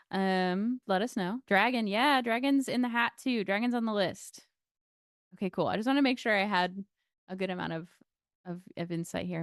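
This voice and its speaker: A woman hosting a casual livestream chat, bubbly and quick to laugh. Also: mid-range voice, smooth, no room sound, studio quality. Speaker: stream host.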